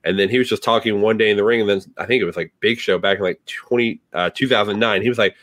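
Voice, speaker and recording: A man co-hosting a casual wrestling podcast in a relaxed way, steering between segments. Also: fairly low pitch, fast, dry recording, studio quality. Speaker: podcast co-host.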